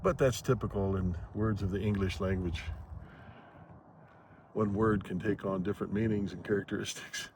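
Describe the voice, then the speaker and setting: A man vlogging outdoors in the woods, musing slowly and philosophically as he walks. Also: lowish voice, fairly even intonation, background noise. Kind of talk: reflective outdoor vlog narration.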